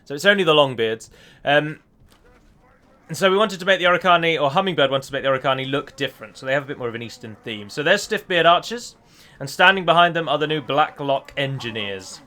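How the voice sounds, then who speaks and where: Guy talking over gameplay, fairly high voice, bright, keeps correcting himself. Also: expressive, quick pace. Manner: chatty, self-correcting, explaining step by step. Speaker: mod developer.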